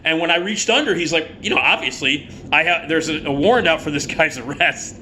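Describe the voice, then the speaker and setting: A middle-aged man casually telling a personal story, animated and swearing freely, acting out the people in it. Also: fairly high pitch, brisk, slight background noise. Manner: animated, acts out the cop and himself in quoted voices.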